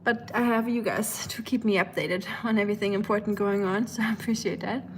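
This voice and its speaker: A woman live streamer chatting casually with her viewers, rambling with lots of fillers and quick laughs. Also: mid-range voice, steady tone, noisy background. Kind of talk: casual chat reading viewer comments.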